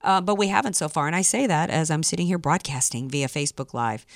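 A woman's voice: deep voice, quick pace, no room sound, clean studio sound. A woman hosting a political talk radio show, speaking with indignant emphasis, full of fillers and restarts. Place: studio, also streamed live online.

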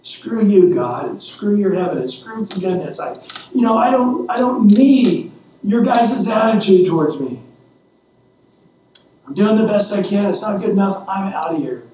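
A sheepish man stammers out pleas for forgiveness, as a preacher acts him out, in a high male voice. It is heard from a distant mic in a very echoey room, with a faint hiss. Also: expressive, normal speed, darkish tone. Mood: defiant. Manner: stammering, pleading.

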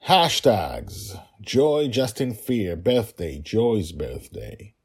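A man, the author, reading his own story podcast with hurried, chatty asides. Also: on the low side, lively intonation, mellow, slightly rough. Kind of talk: storybook narration with casual asides.

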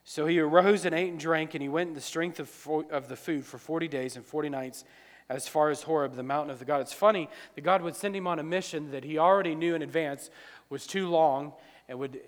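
A man preaching a sermon, acting out dialogue, swinging from loud to quiet. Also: a little high, steady tone, fairly quick. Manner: preaching, acts out dialogue, rises loud then drops quiet. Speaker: pastor. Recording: long hall reverb.

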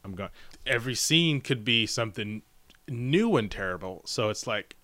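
A middle-aged man co-hosting a podcast, telling a rambling, animated story in casual chat. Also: mid-range voice, moderate pace, no echo. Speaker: podcast co-host.

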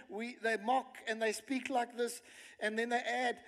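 High-voiced pastor preaching. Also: male voice, flat delivery, moderate pace. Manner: emphatic preaching with scripture reading. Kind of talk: sermon. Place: church hall. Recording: long hall reverb.

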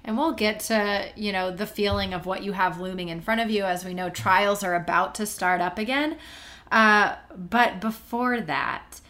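A woman hosting an interview, framing her questions at length in a measured way. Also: medium pitch, sharp tone. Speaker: interview host.

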